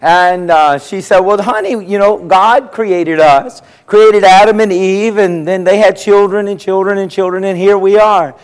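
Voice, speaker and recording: A man's voice: high-pitched, fairly even intonation, measured pace, hardly any pauses, clear, resonant tone. A man preaching a sermon, telling folksy jokes and acting out the voices in them. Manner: folksy storytelling, acts out voices in his jokes. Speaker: pastor. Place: church sanctuary. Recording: long hall reverb.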